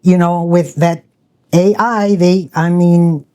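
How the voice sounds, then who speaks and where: A woman's voice: lowish voice, steady tone, slow, mellow, smooth. An older woman, an interview guest, recounting how scammers called her, quoting their words and urging viewers to hang up. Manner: retells calls with quoted voices, emphatic warnings. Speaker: interview guest, scam victim. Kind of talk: animated storytelling.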